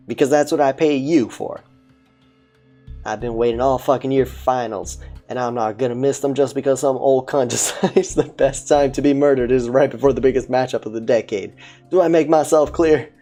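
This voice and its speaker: A woman voicing a crude, lazy male police commissioner, gruff and swearing, in a game playthrough. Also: rumbling low, warm tone. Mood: dismissive.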